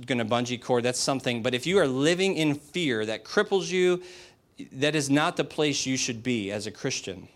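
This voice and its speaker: A man's voice: mid-range voice, fairly bright tone. Emphatic conversational male preacher. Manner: emphatic, direct, conversational, rhetorical questions. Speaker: pastor. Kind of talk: sermon.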